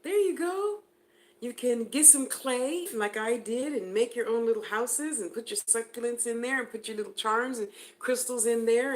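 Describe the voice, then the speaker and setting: A woman giving a live spiritual reading to viewers. She talks in a chatty way, laughs often, and addresses people by name. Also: fairly high pitch. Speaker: spiritual reader.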